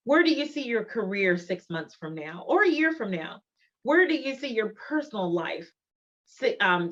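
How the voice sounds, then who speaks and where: Emphatic woman giving a motivational talk. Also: mid-range voice. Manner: emphatic, deliberate, repeats key phrases. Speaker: motivational conference speaker. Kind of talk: motivational presentation. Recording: dull lo-fi recording.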